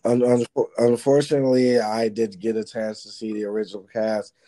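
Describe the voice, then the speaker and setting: A man's voice: lowish voice, a little fast, no room sound. Hesitant man in a dry recording. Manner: relaxed, hesitant with stammered restarts. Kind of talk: casual interview.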